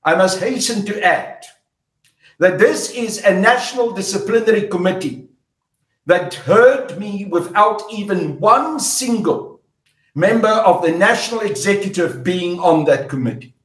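A man's voice: high-pitched, animated, unhurried, echoey room. An older man with a South African accent, giving an angry, defiant public statement in an emphatic, declamatory way. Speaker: politician.

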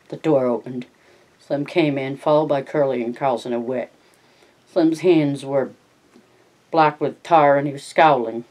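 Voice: mid-range voice, fairly even intonation, measured pace, pauses often, a little mellow, rough recording. A narrator reading a novel aloud, with slips, restarts and small asides of commentary.

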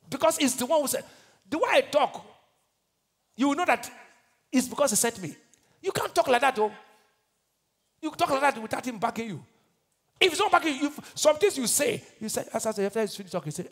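A Nigerian pastor preaching a sermon, asking the congregation to finish his lines and swinging between shouted bursts and quiet asides. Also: sits high, lively intonation, brisk. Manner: call-and-response preaching, asks the crowd to finish his lines.

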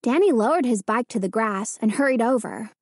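A woman narrating a children's horror storybook in a measured, suspenseful reading. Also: a little high, lively intonation, darkish tone, dry recording, clean studio sound. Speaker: audiobook narrator.

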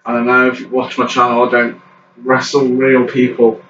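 A man hosting his own channel, calling backyard wrestling play-by-play with excited exclamations over the action. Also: medium pitch, normal speed, slight background noise. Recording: echoey, distant, dull lo-fi camera sound.

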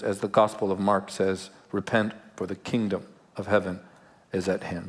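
A man preaches in church with a slightly raised voice. His delivery is earnest and searching, often repeating a word before landing the point. Light humorous asides break up the sermon. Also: a little high. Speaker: pastor. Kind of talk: live sermon. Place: church service before a congregation.

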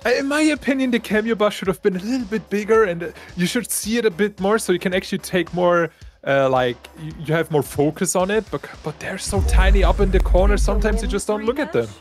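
A man co-commentating a fighting-game match live, breaking down plays with excitable analysis. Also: quick pace. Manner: excitable analysis, jumps in pitch. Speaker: esports co-commentator. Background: game music.

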